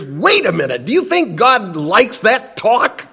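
A middle-aged man preaches in a high-pitched voice. He is emphatic, pushing some lines up urgently and letting others sink low and quiet, as in a sermon. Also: wildly swooping pitch, normal speed, vocal fry, hardly any pauses, slightly rough. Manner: emphatic, swings from raised to hushed.

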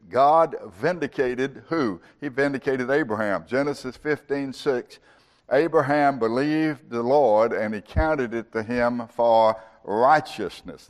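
A man teaching a Bible study class. He explains each point patiently, pausing to check that his listeners follow. His voice sits at an ordinary middle pitch. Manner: explanatory, pausing to ask "okay?" and "remember?".

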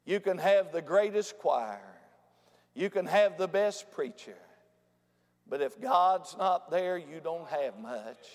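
A man preaching a revival sermon, dropping to hushed storytelling and rising to shouted exclamations. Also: on the high side, lively intonation, slow. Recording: long hall reverb.

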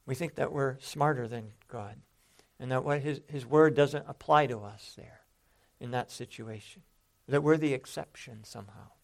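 A man's voice: mid-range voice, normal speed, vocal fry. A man preaching a sermon in an earnest, conversational way, often restarting his sentences.

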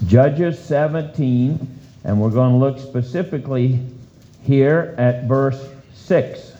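A man preaching a sermon, telling a story with an animated delivery and a voice that swoops up high for emphasis. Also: takes it slowly, a little hiss or hum. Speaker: pastor. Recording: dull lo-fi sermon recording.

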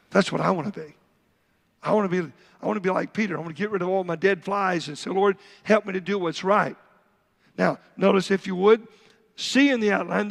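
A pastor with a high, gravelly voice preaches a sermon to his congregation. He asks them questions as he goes, and his words ring out with a long reverb through the church sanctuary.

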